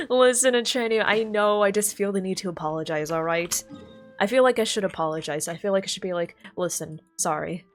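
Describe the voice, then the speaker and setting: A woman streamer in casual live-stream chat, playful and self-mocking, lower in energy than usual. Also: fairly quick, faint music behind.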